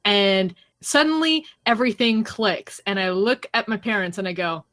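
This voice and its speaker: A woman's voice: mid-range voice, moderate pace, fairly bright tone. A young woman from Canada, co-hosting a casual podcast chat and telling a long story with snarky asides and frequent laughter. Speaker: podcast co-host.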